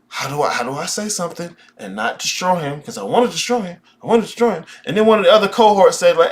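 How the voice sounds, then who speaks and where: A man's voice: high voice, quick pace, hardly any pauses, a bit bright. A man teaching a magic class, talking bluntly and profanely in a casual rant.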